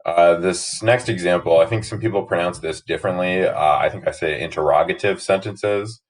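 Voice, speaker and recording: Deep-voiced man explaining a slide lesson. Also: moderate pace, low-quality recording. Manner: casual, explains with many rights and ums. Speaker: teacher. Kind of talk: recorded slide lesson narration.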